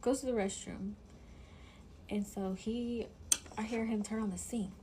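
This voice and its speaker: A woman's voice: on the high side, fairly even intonation, measured pace, noisy background. A woman telling a personal story in casual chat, full of fillers, often dropping to a whisper when she quotes someone. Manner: chatty, full of "like", drops to a whisper when quoting.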